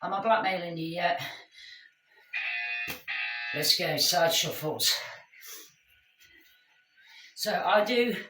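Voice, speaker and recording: A woman coaching a workout class in an unhurried, chatty way, calling everyone guys. Her voice sits at a middle pitch and carries a roomy echo from a mic set back from her, with faint ambience underneath. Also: music in the background. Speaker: fitness instructor. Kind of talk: live workout class instruction. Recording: echoey room, mic at a distance.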